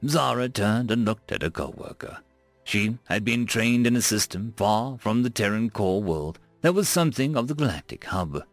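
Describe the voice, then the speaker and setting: A male narrator reading a space story with a lively, wide-ranging delivery at a middle pitch. The recording is dry and close, with faint music playing underneath. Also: moderate pace, dry recording. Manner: animated storytelling.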